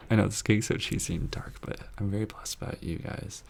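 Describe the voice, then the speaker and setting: Man, soft-spoken ASMR chat host, deep voice, gravelly fry, earnest rambling, slips into whispers. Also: steady tone, fast. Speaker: ASMR channel host reading viewer messages.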